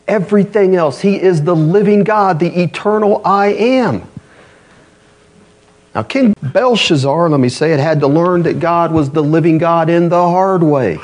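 A man preaching in full sermon mode, his voice riding a lively, swooping pitch that sits a little high for a man. He leaps up to emphatic calls, then sinks low and slow for scripture, drawing the congregation in with quick questions. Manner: asks the congregation for responses. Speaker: pastor.

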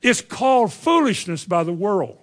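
Fervent high-voiced preacher. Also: male voice, big pitch swings, moderate pace. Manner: emphatic, rhetorical questions to the congregation. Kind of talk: sermon.

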